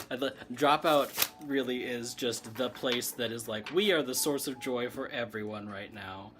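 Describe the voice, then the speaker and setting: A man with a low-leaning, fairly bright voice streams a casual spiritual chat as a tarot reader, reading tarot cards. He rambles, answers comments, and laughs often.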